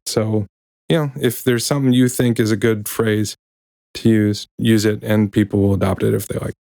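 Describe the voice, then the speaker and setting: Fairly low and creaky, this man's voice has a dark tone as he hosts a podcast. He talks in a loose, self-correcting, reflective way, wry about office jargon, before reading aloud from his own book. There's no room sound, just clean studio audio.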